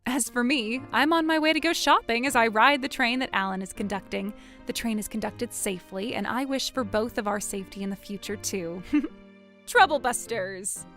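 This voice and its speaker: A woman's voice: a little high, brisk, fairly bright tone, faint music behind. A woman narrating a dramatic story and voicing all its characters herself. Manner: dramatic, shifts between characters. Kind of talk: acted story narration with many voices.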